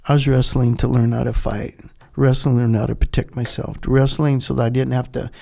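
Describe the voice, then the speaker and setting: An older man, a retired Navy veteran, telling a lively story in a podcast interview, acting out the dialogue and laughing often. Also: mid-range voice, a little fast, vocal fry. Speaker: guest, retired Navy SEAL.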